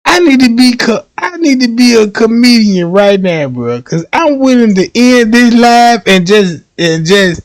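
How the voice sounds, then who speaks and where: A man's voice: very high voice, lively intonation, a little slow, few pauses, dry recording. A man hosting a livestream, telling comic stories in casual slang, laughing often and acting out the people he quotes. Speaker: livestream host.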